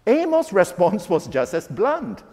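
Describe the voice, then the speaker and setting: A man preaches with a high, lively voice that jumps around as he acts out the quotes he reads. His sermon rings with the long echo of a large hall. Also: unhurried. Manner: animated preaching, acting out quotes. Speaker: pastor.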